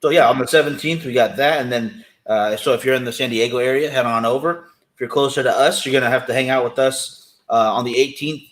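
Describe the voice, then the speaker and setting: Male co-host, mid pitch, relaxed, upbeat and chatty. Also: fairly quick, rough recording. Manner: easygoing, enthusiastic. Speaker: podcast co-host. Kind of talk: casual podcast chat.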